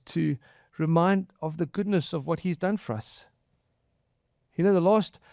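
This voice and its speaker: A man preaching a conversational sermon as pastor, earnest and halting, often repeating and restarting his words. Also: high-pitched, darkish tone, no room sound, studio quality. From outside the US.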